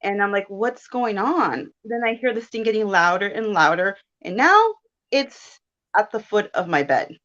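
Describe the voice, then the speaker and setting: A woman in her thirties tells a personal story in easy, casual chat. She sounds animated, laughs often and acts out her own thoughts in quick asides. Her voice sits at a middle pitch, and the recording has a dull, lo-fi sound. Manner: chatty and animated, with laughs and self-quotes. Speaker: guest.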